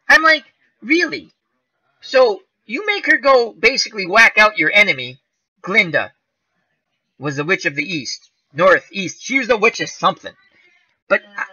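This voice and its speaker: A man's voice: high voice, pushed and bright, rough recording. A man hosting a casual live-stream chat, reading comments aloud, rambling and chuckling through tangents.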